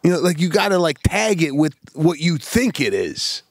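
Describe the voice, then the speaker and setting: A man co-hosting a casual comedy podcast, telling a story in an animated, exasperated way with lots of restarts. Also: a little high, normal speed, gravelly, slight background noise. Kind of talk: casual chat.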